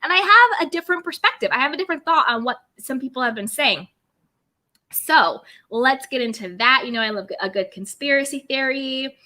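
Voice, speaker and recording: A young adult woman hosting a live stream recap, greeting viewers one by one with bubbly, drawn-out hellos and pop-culture slang. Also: sits high, expressive, pushed and bright. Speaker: YouTube recap host.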